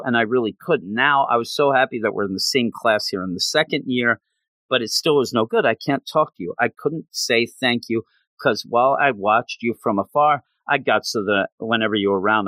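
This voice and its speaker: A man's voice: medium pitch, a little fast, bright, forceful tone, no echo, natural voice, low-quality recording. Shy, smitten teen girl, hesitant, read plainly by a man. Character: shy lovestruck teenage girl.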